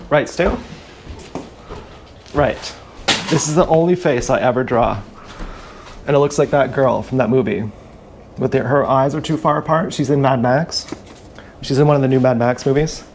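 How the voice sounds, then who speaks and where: A man rambling crudely through a live stream monologue, often clearing his throat. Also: mid-range voice, moderate pace, long pauses, a little mellow, slight background noise. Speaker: livestreamer. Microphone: action camera.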